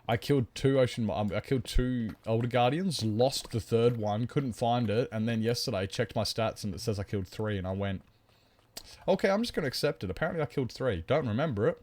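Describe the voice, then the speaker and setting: A man's voice: lowish voice, darkish tone. A man chatting on a live game stream, rambling, greeting viewers and joking about himself.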